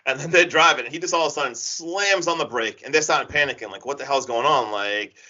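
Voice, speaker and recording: A man casually retelling a horror film's plot on a podcast, rambling and animated with lots of filler words. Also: fairly high pitch, fast talker. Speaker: podcast co-host recapping a horror film. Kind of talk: casual chat. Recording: dull lo-fi podcast audio.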